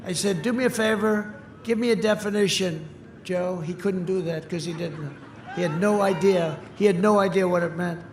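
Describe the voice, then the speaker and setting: Emphatic man shouting at an outdoor rally. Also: high voice, moderate pace, slight background noise. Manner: emphatic, repetitive, punchy short phrases, bursts of shouting. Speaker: political speaker at a rally. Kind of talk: campaign rally speech. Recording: echoey outdoor PA sound with crowd. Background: cheering crowd.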